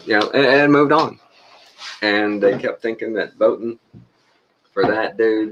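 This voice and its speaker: Deep-voiced rambling Texan man. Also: a little slow, long pauses, fairly bright tone, lo-fi sound, a little hiss or hum. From Texas. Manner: rambling, folksy, chuckles often. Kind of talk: casual monologue to viewers.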